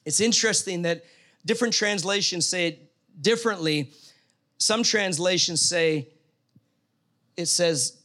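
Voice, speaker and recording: A man's voice: a little high, normal speed, fairly bright tone. A middle-aged man preaching a conversational sermon, telling a story and asking his listeners questions. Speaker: pastor.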